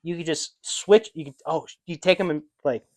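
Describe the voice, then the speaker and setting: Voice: mid-range voice, normal speed, a little mellow. A podcast co-host poking holes in a theory in casual, argumentative chat with casual swearing. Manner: skeptical, argues, swears casually.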